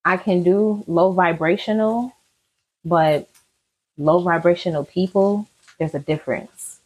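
A woman guest chats in a relaxed, unhurried way on a podcast. Her voice is low-pitched and a little husky. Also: low-quality recording. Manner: relaxed, laid-back, drawn-out speech. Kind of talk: casual chat interview.

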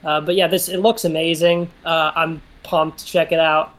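A man's voice: fairly high pitch, little pitch movement, normal speed, fairly bright tone, slight background noise. A man co-hosting a casual podcast, rambling with many restarts. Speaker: podcast co-host.

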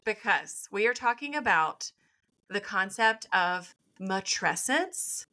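A woman's voice: mid-range voice, lively intonation, takes it slowly, pushed and bright. A woman hosting a podcast interview, effusive and enthusiastic. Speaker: podcast host.

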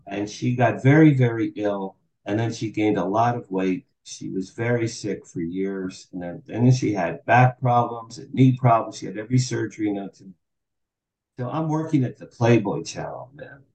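A man's voice: fairly low pitch, normal speed, reverberant, rough recording. A man in his sixties telling candid stories as a podcast guest, acting out the dialogue he quotes. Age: 60s. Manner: animated, acts out quoted dialogue. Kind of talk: candid storytelling interview.

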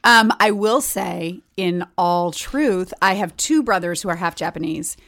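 A woman guest on a comedy chat show, telling a funny family story in an animated way. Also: on the low side, measured pace. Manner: laughing, animated anecdote-telling. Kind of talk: casual storytelling.

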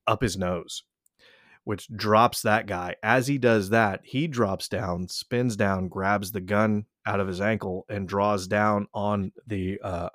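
A man's voice: lowish voice, fairly bright tone, no echo, studio quality. A man telling a long story in casual chat, swearing freely and rambling with lots of restarts. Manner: profane, rambling, full of restarts.

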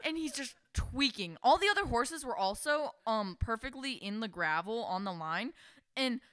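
Bright, smooth-voiced young woman storyteller. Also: a little high, normal speed, no echo. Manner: animated, heavy use of "like", acts out quotes. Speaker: podcast co-host. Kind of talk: casual storytelling chat.

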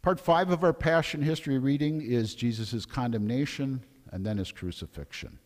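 A man as pastor reading a scripture passage, raising his voice for the crowd's shouts. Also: mid-range voice, lively intonation, moderate pace, long reverb tail. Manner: dramatic, raising voice for crowd lines.

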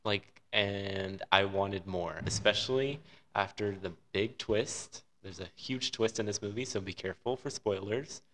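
Male podcast co-host, low-pitched, loose enthusiastic film chat. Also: unhurried, a bit bright, a little hiss or hum. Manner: rambling, enthusiastic opinions. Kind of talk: casual film review chat.

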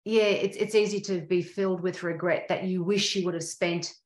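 A middle-aged woman hosts a podcast, musing thoughtfully as she puts questions and reflections to her guest. Her pitch is slightly low, and the sound carries a roomy echo. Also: steady tone, normal speed. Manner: reflective, thoughtful, some restarts. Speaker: podcast host. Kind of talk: interview conversation. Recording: echoey room.

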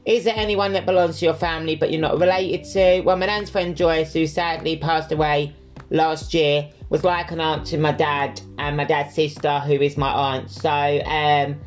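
Male podcast host, candid casual Q&A, lots of fillers, soft music underneath. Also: a little high, little pitch movement, normal speed. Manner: candid and chatty, with frequent fillers. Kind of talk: casual solo Q&A chat.

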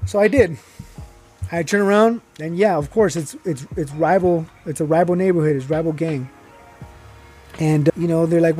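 A man's voice: fairly high pitch, normal speed, a little mellow, slightly rough, faint music behind. A young man telling his own life story in casual, rambling talk, full of fillers and restarts, growing heated as he goes.

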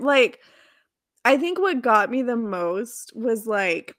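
A woman hosting a podcast in casual chat, gushing and excitable. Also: on the high side, takes it slowly, no echo, clean studio sound. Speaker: podcast host.

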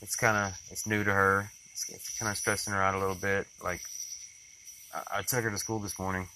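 A man's voice: low voice, flat delivery, brisk, sharp tone, a little hiss or hum, rough recording. A young man, rambling and reflective in a casual daily video diary about being a father. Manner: rambling, reflective, with many fillers and restarts. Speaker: vlogger, father.

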